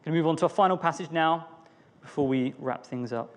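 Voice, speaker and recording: A man's voice: a little high, brisk. A young man, speaking earnestly as a church speaker, telling a personal story in a reflective sermon. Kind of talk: personal testimony within a sermon.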